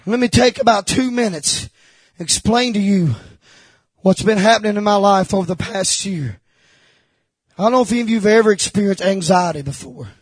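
A man preaching a sermon, emphatic and repetitive, swinging from shouted lines to hushed confession. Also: high-pitched, moderate pace, slightly rough, no echo. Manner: emphatic, repeats phrases.

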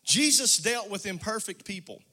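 A preacher delivers a call-and-response sermon in a high, ringing voice. He talks straight to the congregation, calls people out by name and draws a response from them. His delivery climbs into a sing-song chant as the message builds. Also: expressive, normal speed, pushed and bright. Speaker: pastor.

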